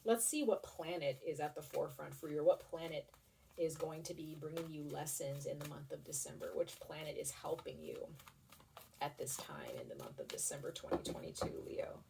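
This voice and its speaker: A woman's voice: deep voice, big pitch swings, normal speed, vocal fry, far from the mic, noisy background. A woman giving a casual tarot reading to her viewers, chatty and rambling, with restarts and casual swearing. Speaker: tarot reader.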